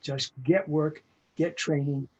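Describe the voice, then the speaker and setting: Older man, husky voice, blunt emphatic advice, dull lo-fi video call audio. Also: fairly high pitch, steady tone, slow pace, darkish tone. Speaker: veteran voice actor guest. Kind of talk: interview over video call.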